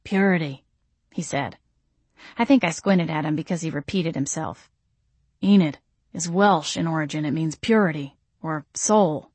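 A woman voicing a calm, mysterious tall dark man who speaks quietly and evenly in audiobook dialogue. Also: deep voice, normal speed, slightly rough, no room sound.

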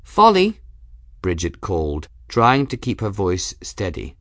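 A man reading a fantasy story aloud as narrator, in a measured storytelling delivery. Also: deep voice, expressive, a bit bright, dry recording, clean studio sound. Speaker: audiobook narrator. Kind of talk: scripted narration.

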